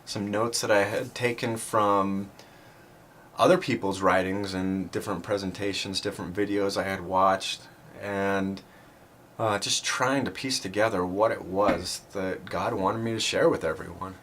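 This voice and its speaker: Man, lower-pitched, earnest storyteller who laughs at himself, halting delivery, light background hiss. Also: steady tone, a bit bright. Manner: earnest and self-deprecating, with halting restarts. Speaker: speaker sharing a personal faith story. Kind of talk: personal storytelling talk.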